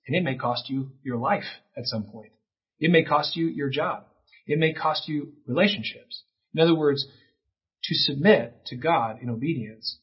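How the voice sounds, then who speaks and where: A man preaching a sermon as pastor, impassioned, with peaks that rise to near-shouting. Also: medium pitch, breathy edge. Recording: dull lo-fi sound.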